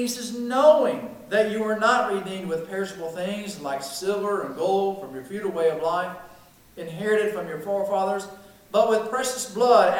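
A man preaching a sermon, emphatic, swinging between loud declarations and hushed lines. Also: high-pitched. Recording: very echoey room, mic at a distance.

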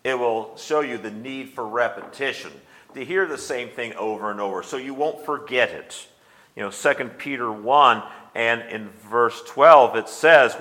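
Middle-aged Midwestern male preacher, bright forceful tone, lively anecdotes and scripture reading. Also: mid-range voice, unhurried. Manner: animated storytelling, reads scripture aloud with rising force. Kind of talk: sermon.

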